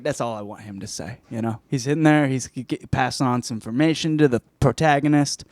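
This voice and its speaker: A man's voice: mid-range voice, moderate pace, no echo, clean studio sound. A man hosting a podcast, reviewing a film in casual, rambling chat full of swearing and restarts. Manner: rambling, profane, self-interrupting. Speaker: podcast host.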